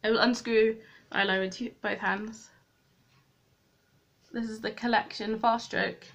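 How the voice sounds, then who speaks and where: A woman's voice: fairly high pitch, level tone, a little slow, fairly bright tone. A young woman chatting to viewers while she does her makeup at a desk at home, rambling and poking fun at herself. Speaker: beauty vlogger. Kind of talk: chatty get-ready-with-me vlog. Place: room at home, at a desk with a mirror.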